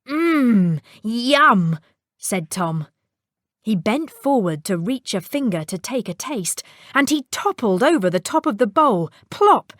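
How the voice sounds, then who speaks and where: A woman reading a children's storybook aloud with playful, expressive delivery. She reads slowly, her voice rising and falling in a lively way. The recording is dry and close. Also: a little high, no room sound. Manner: expressive, with sound-effect words.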